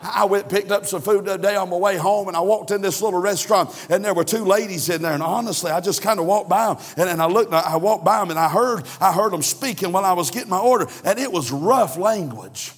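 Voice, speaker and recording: A man preaching a sermon, telling a story and then rising to shouted emphasis in a church. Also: high-pitched, fast, hardly any pauses, breathy edge. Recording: echoey church hall.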